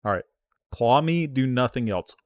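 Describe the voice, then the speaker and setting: A man streaming himself playing an online card game, reacting out loud with yelps and groans and talking to his viewers. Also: medium pitch, normal speed, no room sound. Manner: excitable, groans and yelps at the game, talks to chat. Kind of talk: live gameplay commentary.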